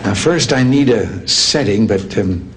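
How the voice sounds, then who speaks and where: An older man speaking in public fills his talk with jokes and folksy tales delivered with dry humor. His voice is on the low side, animated yet unhurried, heard through long hall reverb and faint noise.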